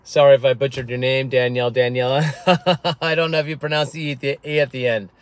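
Guy rambling to camera about a book, lots of um and restarts, dry close sound from earphone mic, middle pitch. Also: steady tone, no echo. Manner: rambling, halting, with many restarts and fillers. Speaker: vlogger reviewing a book. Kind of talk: casual talk to camera. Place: outdoors on windy clifftop.

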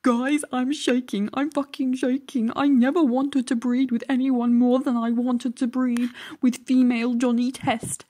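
A woman voicing a lustful, obsessive male internet poster, reading his post in an overwrought, drawn-out way. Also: high voice, little pitch movement, dark tone.

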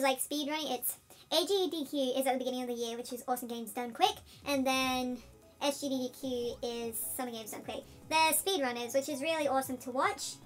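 An Australian woman host giving chatty, excitable let's-play commentary, her voice sped up to a chipmunk pitch. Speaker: gaming channel host.

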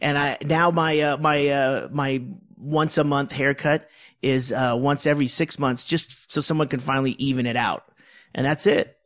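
A man's voice: medium pitch, steady tone, moderate pace, fairly bright tone. A man chatting on a podcast, self-deprecating and loose, often restarting his sentences. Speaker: podcast co-host. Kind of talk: casual chat.

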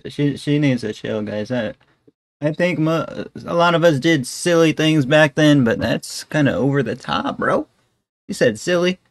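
A man streaming casual reaction commentary, talking to his chat in a relaxed, slangy way. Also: on the high side, unhurried, no echo. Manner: laid-back slangy, calls chat bro and guys.

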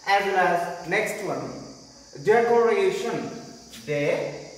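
A man with an Indian English accent lectures on English grammar, speaking slowly with a high, lively voice. He repeats each point and asks the class questions as he goes. The sound is roomy and distant, as if caught by a camera across an echoey classroom. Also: slight background noise. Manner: slow, repetitive explaining with questions to the class. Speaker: English teacher. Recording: echoey room, voice far from mic.

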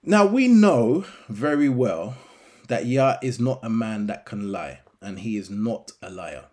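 A man teaching scripture in a slow, deliberate way, putting rhetorical questions to the listener. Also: mid-range voice, expressive, darkish tone. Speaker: bible teacher.

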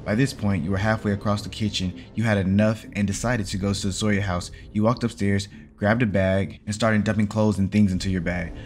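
Deep-voiced man reading a story aloud. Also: steady tone, a little fast, hardly any pauses, darkish tone, soft background music. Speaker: story reader. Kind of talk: reading fan fiction aloud.

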